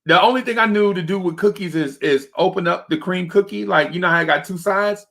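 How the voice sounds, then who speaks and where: A young man hosting a fan livestream show and telling a long, animated story, jumping into high voices to act out the other people in it. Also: fairly quick. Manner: acts out other people's voices in his stories, high-pitched and excitable. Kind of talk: animated storytelling and casual chat.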